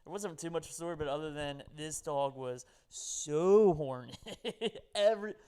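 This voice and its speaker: A man's voice: fairly high pitch, normal speed, dark tone, smooth. A young man co-hosting a podcast in casual chat, laughing often and restarting his sentences. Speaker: podcast co-host.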